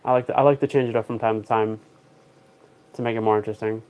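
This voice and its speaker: A man's voice: fairly low pitch, fairly even intonation, quick pace, a little mellow, smooth. A young man, chatting on a casual livestream, rambling through stories with dry, joking asides. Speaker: live streamer.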